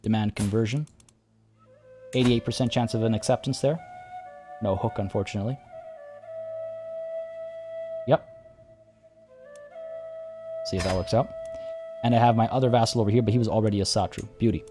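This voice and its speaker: A man's voice: fairly low pitch, fairly even intonation, brisk, long pauses, music in the background. Chatty man streaming a strategy game. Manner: chatty, reads chat aloud and thinks out loud. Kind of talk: live game streaming commentary.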